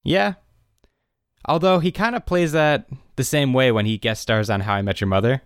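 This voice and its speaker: A young man co-hosts a casual podcast, recapping a TV episode in a medium-pitched voice at normal speed. The tone is clean and the studio recording is dry. He retells it with energy, breaking into characters' lines in a raised voice.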